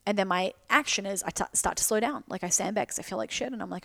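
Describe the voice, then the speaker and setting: A woman hosts her own podcast alone, talking casually and frankly with plenty of swearing and self-mocking asides. Her mid-pitched voice carries a gravelly fry, and the recording is dry and close. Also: fast, few pauses, no room sound. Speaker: podcast host. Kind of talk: casual solo podcast talk.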